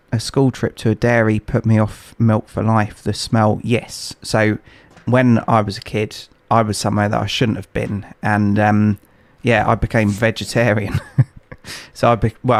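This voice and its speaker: A man streaming a game from home, chatting casually to his viewers in a rambling, hesitant way with lots of filler words, on a streaming microphone. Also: fairly low pitch. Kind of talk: casual live-stream chat while gaming.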